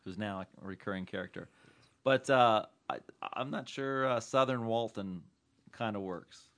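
A man's voice: fairly low pitch, a little slow, fairly bright tone. A man hosting a casual podcast, joking and laughing often with his co-hosts. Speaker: podcast host. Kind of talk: casual chat.

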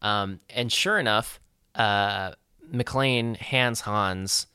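A man with a low, bright, crisp voice talks through a film scene in a relaxed podcast chat. He halts often and fills pauses with ums and uhs. The sound is close and dry. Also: no room sound. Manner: halting, filler-heavy recap. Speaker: podcast co-host. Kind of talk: casual movie discussion.

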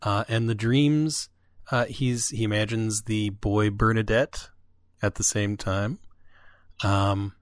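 A man's voice: fairly low pitch, takes it slowly, no room sound. A man co-hosting a podcast, casually talking through a TV episode. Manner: relaxed and conversational, with short agreeing remarks. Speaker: podcast co-host. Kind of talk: casual chat recapping a TV episode.

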